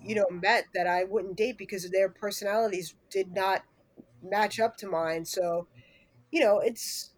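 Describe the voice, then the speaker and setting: A woman's voice: medium pitch, fairly even intonation, a little slow, dry recording. A woman co-hosting a casual chat, frank and opinionated, who swears now and then.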